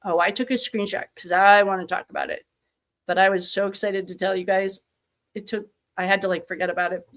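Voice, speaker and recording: A woman's voice: mid-range voice, flat delivery, a little fast. Chatty woman hosting a livestream. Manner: chatty, reads viewer comments aloud, laughs often. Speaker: livestream host. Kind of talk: casual livestream chat.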